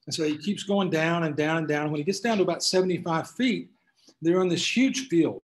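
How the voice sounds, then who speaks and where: Male attorney lecturing a class, conversational, restarts a lot, slightly high voice. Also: a little fast, poor audio. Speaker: attorney giving a class talk. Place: room full of people.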